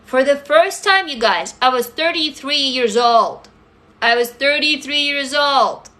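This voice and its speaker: In a high, pushed and bright voice with lively intonation, a woman from Russia takes her time answering livestream viewers. She's blunt, emphatic, and swears freely throughout the casual chat.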